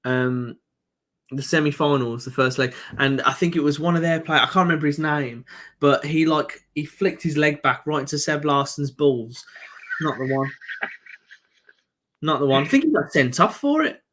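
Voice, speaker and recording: A man's voice: on the high side, expressive, a bit bright. A man with a Birmingham accent, co-hosting a football reaction stream in rambling, giggly casual chat. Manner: rambling, giggly, quick to laugh.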